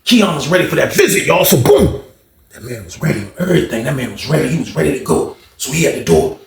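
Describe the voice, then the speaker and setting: Animated young man telling a story. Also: a little high, fast, gravelly, a little hiss or hum. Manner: animated slangy retelling, acts out quotes. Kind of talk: casual jailhouse storytime. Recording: echoey room.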